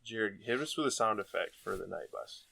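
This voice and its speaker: A man's voice: fairly low pitch, a little fast, vocal fry, pushed and bright, a little hiss or hum. A man hosting a casual book podcast, rambling and laughing a lot as he talks. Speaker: podcast host.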